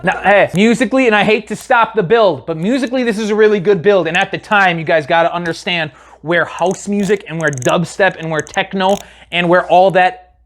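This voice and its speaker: A man giving a casual, animated commentary on a music video, talking straight to his viewers and swearing now and then. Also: high voice, brisk.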